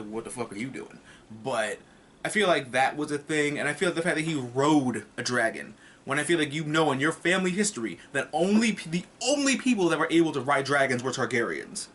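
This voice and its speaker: A man's voice: mid-range voice, expressive, brisk, fairly bright tone. A man casually reviewing a TV episode in a vlog, rambling, swearing and tossing in jokes. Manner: rambling and profane, with joking asides.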